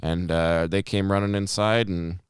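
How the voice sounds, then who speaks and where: A man's voice: sits low, moderate pace, smooth, no room sound, studio quality. A man co-hosting a podcast, telling a story in casual chat, swearing freely and acting out what people said. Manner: animated storyteller, heavy swearing, acts out quotes. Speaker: podcast co-host.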